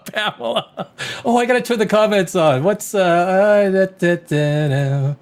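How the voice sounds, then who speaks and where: A man hosting a rowdy live stream, loud and rambling, swearing and reading chat comments aloud, a little tipsy from wine. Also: sits high, takes it slowly. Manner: animated, swings between shouting and muttering. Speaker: live show host.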